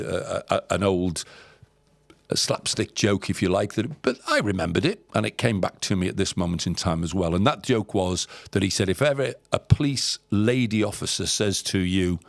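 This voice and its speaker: A man's voice: low-pitched, no echo. A middle-aged man from England casually telling a rambling anecdote, repeating words and acting out what people said. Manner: rambling storyteller, repeats words, acts out quotes. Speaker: podcast guest telling travel stories.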